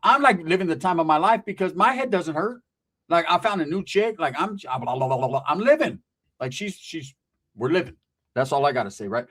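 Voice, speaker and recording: A man's voice: fairly high pitch, very animated, a little fast, a bit bright. A man from Northern California telling a comedic story in a profane, rambling, slangy way, often checking in with "right?".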